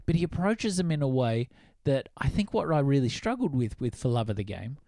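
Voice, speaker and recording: A man's voice: medium pitch, very animated, brisk, dark tone, no room sound, clean studio sound. A man hosting a casual film discussion podcast, musing and hesitant with frequent fillers. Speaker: podcast host.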